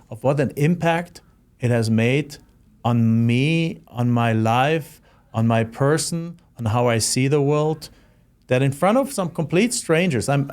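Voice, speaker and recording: German-accented man, heartfelt and halting. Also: mid-range voice, darkish tone. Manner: heartfelt, halting, many restarts. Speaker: host. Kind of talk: reflective solo monologue.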